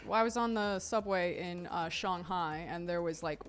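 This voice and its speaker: A woman's voice: on the low side, normal speed. A woman co-hosting a livestream, chatting and telling anecdotes with frequent laughter. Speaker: co-host. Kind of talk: casual chat.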